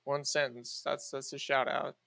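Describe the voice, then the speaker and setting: Man, podcast co-host, mid-pitched, casual banter. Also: little pitch movement, normal speed, vocal fry, crowd noise. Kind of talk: casual chat.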